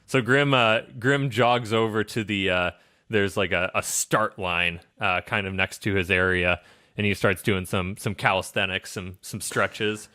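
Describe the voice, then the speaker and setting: A man narrating a tabletop game as game master, in loose, halting narration full of fillers. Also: lowish voice, steady tone, sharp tone.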